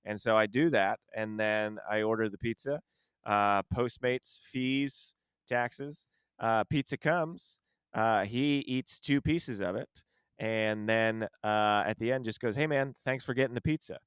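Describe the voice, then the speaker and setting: A man, a comedian podcast host, in casual chat, telling a story in an animated way and defending his side emphatically. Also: fairly low pitch, slow pace, clear, resonant tone, dry recording, clean studio sound.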